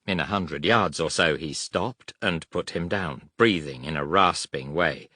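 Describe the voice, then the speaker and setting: A man narrates a book in a deep, forceful voice. His delivery is measured and dramatic, like a practiced storyteller. The studio recording is dry and close. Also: no echo. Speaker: audiobook narrator. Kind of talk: scripted audiobook narration.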